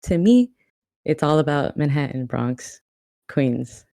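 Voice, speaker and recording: A woman's voice: low-pitched, expressive, slow pace, vocal fry, mellow, no room sound, clean studio sound. A woman from the New York area, a cosplayer guest, chatting casually and rambling with many restarts. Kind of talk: casual podcast chat.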